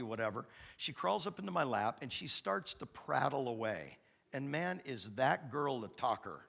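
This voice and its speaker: Man, fifties, pastor, sermon, gravelly, bright forceful tone, animated storytelling. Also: mid-range voice. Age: 50s. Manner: animated storyteller, acts out dialogue with big comic outbursts. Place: church sanctuary.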